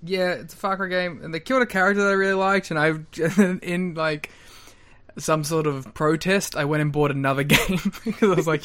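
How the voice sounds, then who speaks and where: A man's voice: fairly high pitch, steady tone, brisk, fairly bright tone. A man co-hosting a podcast in casual chat, laid-back with short, easygoing answers. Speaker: podcast co-host.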